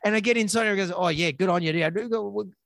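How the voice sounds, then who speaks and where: A man's voice: high voice, brisk, vocal fry, a bit bright, dry recording, clean studio sound. An Australian man co-hosting a vet podcast, telling a rambling story in a casual, joking way over a remote call. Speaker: veterinarian podcast co-host. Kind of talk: casual chat. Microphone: remote call recording.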